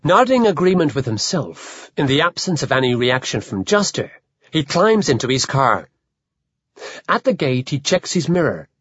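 Expressive audiobook narrator, dry and muffled. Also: mid-range voice, breathy edge, no room sound. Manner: measured, expressive storytelling.

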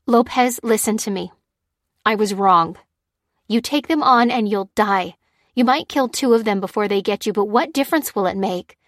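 A woman's voice: medium pitch, moderate pace, no echo, clean studio sound, close to an everyday voice. A woman voicing a young female agent, pleading and insistent with her commander.

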